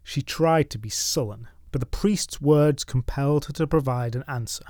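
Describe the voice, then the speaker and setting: A man narrating folklore stories from a script, with wry, deadpan asides. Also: mid-range voice, normal speed, hardly any pauses, dry recording, studio quality. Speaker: storytelling podcast host.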